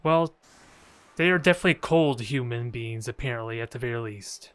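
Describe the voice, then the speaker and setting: A man's voice: medium pitch, brisk, clear, resonant tone. Playful man commentating a video game. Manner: playful, jokey trash talk. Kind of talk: casual gameplay commentary.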